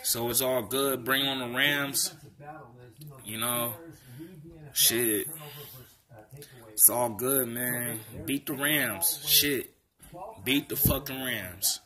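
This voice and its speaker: A man's voice: mid-range voice, extremely slow, long pauses, a crowd in the background. A man ranting angrily about his football team, cursing constantly and repeating himself. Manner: profane and heated, repeats himself. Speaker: sports fan vlogger. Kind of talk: angry fan rant.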